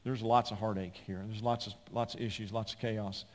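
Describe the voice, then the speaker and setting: A man's voice: lowish voice, level tone. Emphatic man preaching in a reverberant hall. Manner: emphatic, storytelling preacher with quick asides. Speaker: pastor. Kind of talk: sermon.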